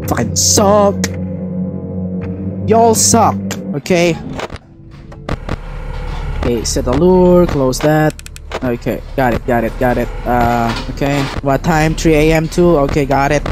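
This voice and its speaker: A man's voice: a little high, slow pace, long pauses. A man commentating his horror game run, frantic, panicky and swearing constantly. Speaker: gameplay streamer. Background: game music.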